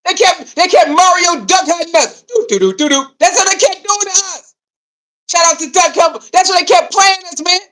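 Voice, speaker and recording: Here a man with an extremely high voice rants about sports at a moderate pace, heated and mocking, acting out coaches and other people in animated asides. He's a sports commentator, and the recording is low quality.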